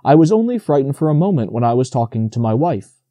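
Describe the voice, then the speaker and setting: A man's voice: mid-range voice, sing-song, fast, mellow, no echo, close to an everyday voice. A man voicing a small, nervous male grasshopper who speaks in a quivering, quavering way in a storybook reading.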